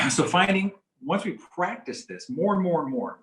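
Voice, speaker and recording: Calm man teaching in an echoey room. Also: sits high. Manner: calm, measured and explanatory, often repeating key phrases. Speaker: presenter on coping with stress. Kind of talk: community teaching talk. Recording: roomy echo.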